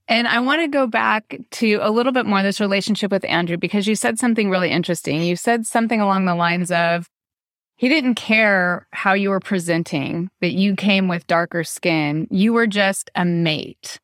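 Woman host asking measured questions. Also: medium pitch, a bit bright, no echo, studio quality. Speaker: podcast host. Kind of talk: casual interview talk.

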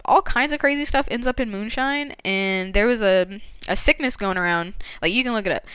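A woman's voice: mid-range voice, fairly bright tone, clean tone, no room sound. A young woman casually recapping a story's plot, chatty, with lots of filler words and casual swearing.

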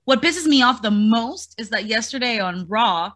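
A woman's voice: a little high, lively intonation, moderate pace, fairly bright tone. A woman co-hosting a podcast, recapping events in casual chat with frequent swearing. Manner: profane, storytelling recap. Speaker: podcast co-host.

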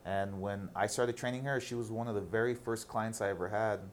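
A man's voice: fairly low pitch, fairly even intonation, a little fast, slight background noise. A man in his thirties, a guest on a casual interview, telling stories candidly and animatedly, with some casual swearing.

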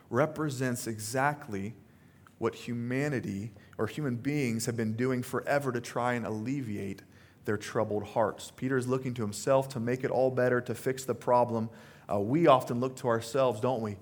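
A male pastor delivers a sermon in a relaxed, conversational way. He often checks in with the listeners with a quick "right?" and voices the quoted words as he tells them. His pitch sits in an ordinary middle range. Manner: conversational preaching with frequent "right?" asides, acts out quotes.

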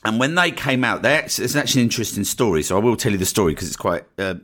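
Chatty Essex man, low voice. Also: animated, very fast, a bit bright. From northeast Essex, England. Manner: chatty, often ends points with "right?". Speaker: podcast host. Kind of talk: casual solo podcast talk.

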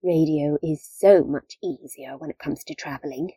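A woman's voice: low-pitched, normal speed, mellow, husky, no room sound, clean studio sound. A woman in an amateur radio comedy sketch, playing a naive young companion who asks wide-eyed questions. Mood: wondering.

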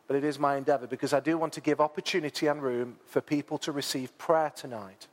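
A man preaching a sermon, chatty and informal, who rises to loud, dramatic peaks when he reads scripture aloud. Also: fairly high pitch, steady tone, fast. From England. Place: church hall. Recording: long church hall reverb.

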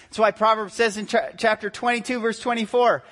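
A man in his forties, a pastor preaching a sermon, animated and acting out quotes in shifting voices. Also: sits high, fairly quick. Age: 40s.

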